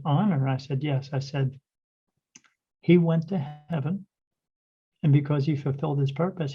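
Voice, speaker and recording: A man's voice: on the high side, vocal fry, slightly rough. A man, a spirit medium guest on a podcast, telling a rambling story in casual talk, acting out quoted dialogue with many restarts. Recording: dull, lo-fi podcast audio.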